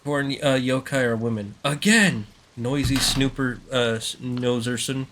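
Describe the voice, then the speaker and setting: A man's voice: medium pitch, unhurried, noisy background. A young man chatting casually during a game, laid-back, laughing and swearing freely. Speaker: co-player. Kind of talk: casual gaming chat.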